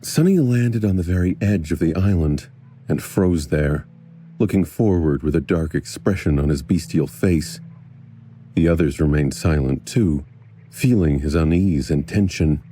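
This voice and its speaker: A man reading a fantasy novel aloud as a narrator, in a measured, even storytelling delivery. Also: rumbling low, slight background noise. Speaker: audiobook narrator. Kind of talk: scripted narration.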